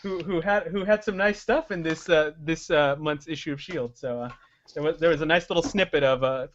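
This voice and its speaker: A man's voice: a little high, fairly quick, slight background noise. A man hosting a casual podcast, enthusiastic and laughing often. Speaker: podcast host. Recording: slightly dull lo-fi audio.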